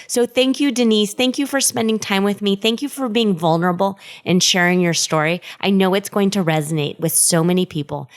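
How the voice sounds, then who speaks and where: A woman from the United States hosting a podcast over a video call, chatting casually and joking at her own expense. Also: mid-range voice. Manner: chatty, self-deprecating, laughs often. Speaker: podcast host. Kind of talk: casual interview chat.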